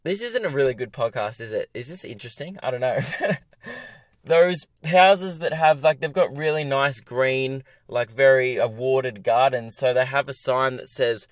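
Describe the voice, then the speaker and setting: A man's voice: mid-range voice, normal speed, no room sound. A young Australian man hosting a comedy podcast alone from a parked car, ranting in an exasperated, rambling, self-mocking way. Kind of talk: rambling solo podcast rant.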